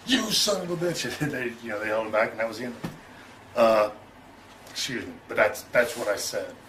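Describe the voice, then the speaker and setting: A man's voice: on the low side, steady tone, normal speed, fairly bright tone, slight background noise, poor audio. A middle-aged man telling a story in an interview, loose and profane, chuckling and acting out both sides of an argument. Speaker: interview guest.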